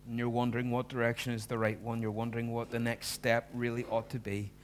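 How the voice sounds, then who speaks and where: A man's voice: medium pitch, flat delivery, fast, a little hiss or hum. A man preaching a sermon, earnest and pleading, pressing his listeners with emphatic questions.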